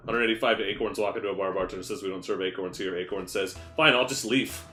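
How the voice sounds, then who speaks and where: Man, bright forceful voice, deadpan rambling improv, roomy echo. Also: deep voice, fast, faint music behind. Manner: rambling, deadpan storytelling with pun punchlines. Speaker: streamer. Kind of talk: improvised comedy.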